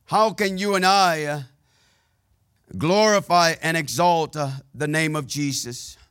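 Man, preacher, fairly high voice, conversational sermon, candid storytelling, call-and-response asides. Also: unhurried, fairly bright tone, clean tone.

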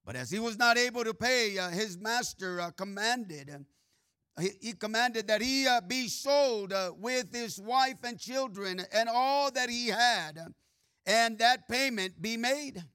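A man delivers a sermon in a high, bright voice, reading scripture in sing-song swells. He speaks slowly and fills his phrases with "uh" and "amen." The sound is dry and close. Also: smooth, no room sound. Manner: frequent filler "uh" and "amen" asides. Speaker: preacher.

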